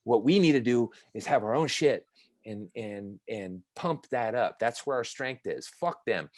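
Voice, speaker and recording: A man holds forth in a casual podcast conversation, emphatic and profane as he rants. His voice sits at an ordinary middle pitch. The sound is dry and close, with no room echo. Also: expressive, a little slow, a little mellow.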